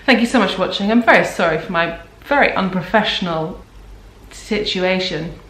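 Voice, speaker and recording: In a fairly low, fairly bright voice at a moderate pace, a young pregnant vlogger rambles casually and makes fun of herself, clearly tired. Her room has heavy echo.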